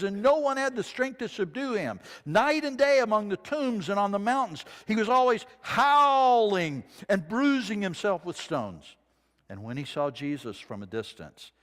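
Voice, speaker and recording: Male preacher, fairly high voice, dramatic scripture reading, echoing sanctuary. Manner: dramatic scripture reading, dropping to a hush for quoted lines. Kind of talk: sermon. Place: church sanctuary. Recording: long reverb of a church sanctuary.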